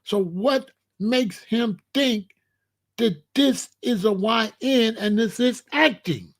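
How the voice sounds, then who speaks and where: A man in his sixties hosting his own show, talking in a casual, emphatic monologue and drawing out his phrases. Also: very high-pitched. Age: 60s. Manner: emphatic, repetitive, drawn-out phrasing. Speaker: show host.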